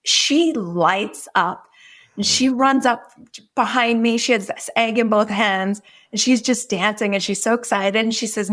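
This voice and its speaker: A woman's voice: on the high side, unhurried, fairly bright tone. A middle-aged woman, a podcast guest, earnestly retelling a personal story in vivid detail.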